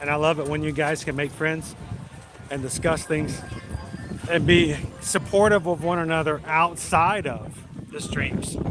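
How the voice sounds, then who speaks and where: A man's voice: fairly high pitch, measured pace, heavy background noise. Chatty man hosting a park livestream. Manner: reads out viewers' names and hometowns, chatty and welcoming. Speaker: livestream host. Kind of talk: casual live stream chat. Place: outdoors at a theme park.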